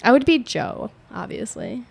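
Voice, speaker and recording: A woman's voice: fairly high pitch, huge pitch swings, normal speed, vocal fry, darkish tone, husky. Brash, teasing woman podcast co-host. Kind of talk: casual chat. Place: recording studio.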